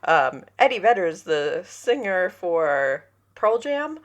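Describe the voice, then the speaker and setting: A woman's voice: fairly low pitch, sing-song, takes it slowly. A woman in her forties, co-hosting a podcast, telling anecdotes in casual chat and acting out the voices of the people in them. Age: 40s. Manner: anecdotal storyteller, acts out quoted voices. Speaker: podcast co-host.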